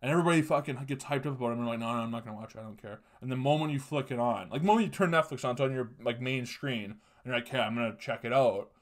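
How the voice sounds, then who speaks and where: A man's voice: mid-range voice, racing, few pauses. A man hosting a solo podcast, ranting casually and crudely with lots of swearing and laughing asides. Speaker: podcast host.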